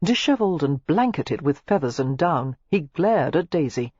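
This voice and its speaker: Expressive audiobook narrator, lively pitch. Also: moderate pace, breathy edge, dry recording. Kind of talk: scripted novel narration. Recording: dull lo-fi dry recording.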